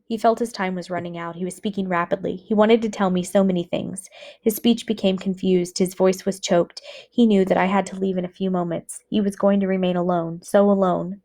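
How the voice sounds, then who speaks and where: A woman teacher reading a book aloud for students in a measured, earnest way. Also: mid-range voice, steady tone, mellow.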